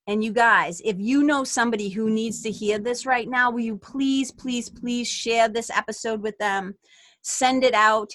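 A woman hosts a podcast with an earnest spiritual self-help talk, speaking straight to her listeners. Her voice is bright and forward. The sound is dry and close, from a small closet. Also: on the high side, unhurried, no room sound. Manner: earnest, direct address to listeners. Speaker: podcast host.

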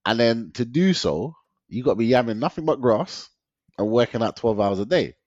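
A man's voice: medium pitch, expressive, moderate pace, a little mellow, no room sound. A young man, telling his story in a casual interview, slangy and often laughing. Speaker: guest. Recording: dull lo-fi dry sound.

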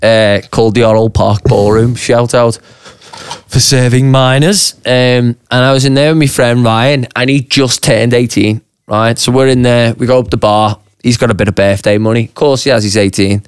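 Man spinning a lively pub yarn. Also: mid-range voice, moderate pace, smooth, dry recording, studio quality. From Liverpool, England. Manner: animated storyteller, swears freely, acts out voices. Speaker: podcast co-host. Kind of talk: casual chat, storytelling. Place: podcast studio.

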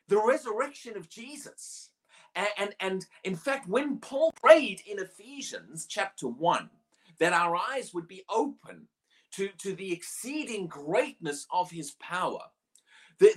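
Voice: medium pitch, a bit bright. A preacher delivering a sermon in an emphatic way, often repeating and restarting words while building each point.

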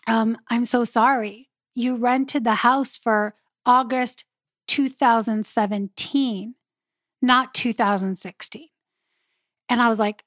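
A woman hosting a podcast, telling a personal story in a lively, casual way, laughing often and talking straight to her listeners. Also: fairly high pitch, dry recording, clean studio sound. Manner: animated, laughs often, addresses listeners directly. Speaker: podcast host.

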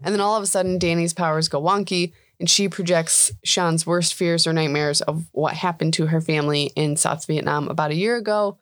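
A woman's voice: low-pitched, steady tone, fairly quick, few pauses, no room sound, studio quality. A woman co-hosting a podcast in casual chat, talking chattily with lots of laughs and "like"s. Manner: chatty, laughs often, says "like" a lot. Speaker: podcast co-host.

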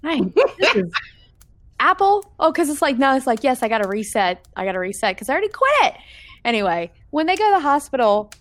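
A woman's voice: high-pitched, fast. A woman co-hosting a podcast, chatting casually about a movie and acting out quotes. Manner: animated, acts out quotes, chatty. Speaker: podcast co-host.

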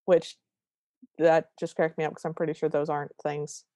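A woman's voice: deep voice, normal speed, no echo, clean studio sound. A woman co-hosting a podcast, retelling a movie scene by scene in casual chat and acting out the characters' lines. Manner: animated retelling with quoted lines. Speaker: podcast co-host.

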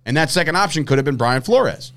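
A man's voice: a little high, expressive, fast talker. A man co-hosting a sports podcast, talking casually and animatedly, swearing and restarting words as he goes. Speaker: podcast co-host.

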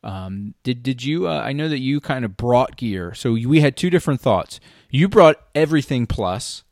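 A man's voice: mid-range voice, animated, moderate pace, no echo, studio quality. A man hosting a casual talk show, talking animatedly and frankly and swearing freely. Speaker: podcast host. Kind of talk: casual hunting gear chat.

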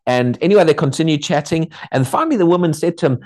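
Man, preacher, sermon, very lively intonation, conversational, acts out quotes. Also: a little high, fast talker, hardly any pauses. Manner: animated storytelling with acted-out quotes; conversational, frequent restarts and asides. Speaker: pastor.

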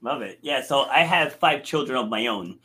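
A man in his forties hosting a podcast interview, chatty and relaxed, who laughs easily. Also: mid-range voice, normal speed. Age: 40s. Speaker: podcast host. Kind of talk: casual interview chat.

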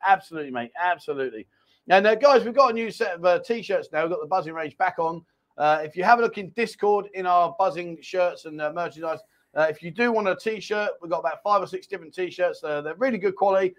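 A man hosting a live chat show, reading out viewer comments with teasing, jokey banter. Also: high voice. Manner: jokey, teasing, quick laughs. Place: Pattaya, Thailand.

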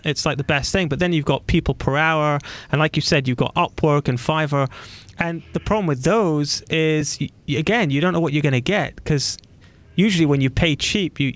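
A man hosting an interview in a casual, animated way, telling stories and acting out the voices of the people in them. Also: on the high side. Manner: animated storytelling, acts out quoted voices. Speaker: podcast host.

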